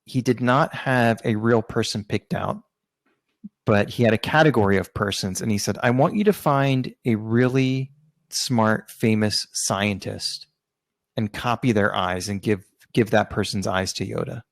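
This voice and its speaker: A podcast co-host with a lowish, gravelly voice chats casually and a little slowly. He explains things hesitantly, with many fillers and restarts, and the recording is dry.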